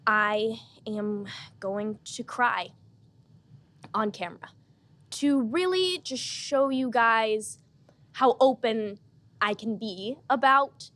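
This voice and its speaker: A young woman hosting a podcast, chatting in a deadpan, mock-earnest, playful way. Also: on the high side, no echo. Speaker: podcast host. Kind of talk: casual comedic podcast chat.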